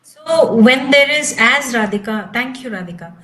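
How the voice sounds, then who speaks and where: A woman's voice: fairly high pitch, expressive, a bit bright, low-quality recording. A woman whose first language is not English, teaching English pronunciation step by step in an online training session over a video call. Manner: slow, patient, explains step by step.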